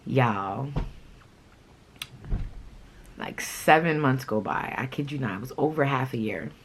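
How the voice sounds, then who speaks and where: A woman vlogger telling a personal story in a casual, blunt, animated way, swearing freely. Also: rumbling low, slow pace, slight background noise, rough recording.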